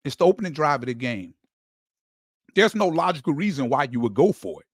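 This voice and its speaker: In a casual fan commentary monologue, a sports channel host speaks briskly in a slightly high, sing-song voice, recorded in a studio with no echo. He's an emphatic storyteller who rises to heated emphasis, often stammering, restarting and repeating words.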